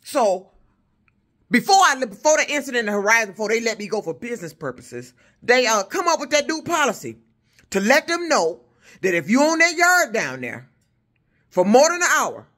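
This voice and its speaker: A truck driver woman rants in a loud, high voice. She tells her story with heat and plenty of cussing. Her tone is bright and forceful. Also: big pitch swings, normal speed. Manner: loud, heated, profane storytelling. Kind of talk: casual vlog rant.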